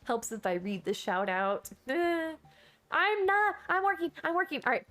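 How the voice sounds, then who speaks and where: A woman's voice: high-pitched, expressive, normal speed, a bit bright. A woman from Texas, chatting casually with her viewers and answering chat during a game stream.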